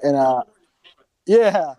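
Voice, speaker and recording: A man's voice: on the high side, animated, very slow, warm tone, no echo. A man chatting casually on a podcast, rambling with many restarts and swearing offhand. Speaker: podcast co-host.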